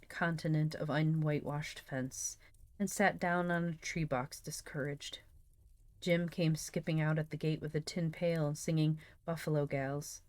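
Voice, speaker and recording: Low-voiced woman reading a novel aloud. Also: no room sound. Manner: steady, measured narration with chatty asides to viewers. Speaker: live-stream reader. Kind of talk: reading a classic novel aloud on a live stream.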